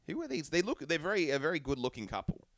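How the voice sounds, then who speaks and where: A man's voice: on the high side, sing-song, fast talker, a bit bright, no echo, studio quality. A man chatting loosely on a podcast. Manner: rambling, thinks aloud with fillers. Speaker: podcast co-host. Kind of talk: casual chat.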